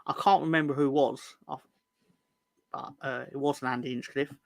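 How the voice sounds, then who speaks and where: A man's voice: mid-range voice, fairly even intonation, normal speed, creaky, no room sound. A man co-hosting a casual football fan chat, full of sarcastic, sweary banter. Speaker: podcast co-host.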